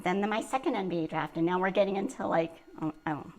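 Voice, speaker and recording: A woman's voice: on the low side, fast talker, low-quality recording. A middle-aged woman, a style coordinator, telling stories in a casual interview and laughing often. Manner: lively storyteller, laughs often.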